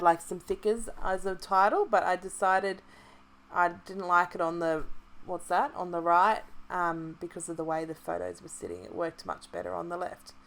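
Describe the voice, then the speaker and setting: An Australian woman with a slightly low voice presents for a craft kit club, voicing a casual craft tutorial. She's chatty and relaxed, thinking aloud and restarting as she goes.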